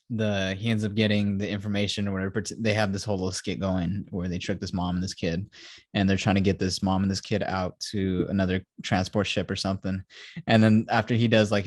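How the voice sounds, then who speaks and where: This man speaks briskly in a lowish, level voice, recorded at studio quality with no room sound. As a podcast co-host in a casual review chat, he rambles through scenes, acts them out with "he's like" quotes, and laughs frequently.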